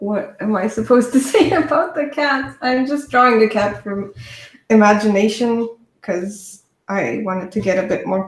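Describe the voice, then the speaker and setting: A woman's voice: medium pitch, reverberant. A woman guest in a casual chat, talking hesitantly about her drawing. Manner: hesitant, laughing, unsure. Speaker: guest artist.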